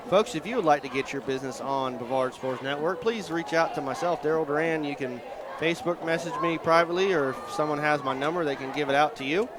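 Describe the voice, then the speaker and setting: A man calling a live high school football game outdoors in a folksy, excitable way and plugging sponsors between plays. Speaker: play-by-play commentator and show host. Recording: outdoor stadium noise.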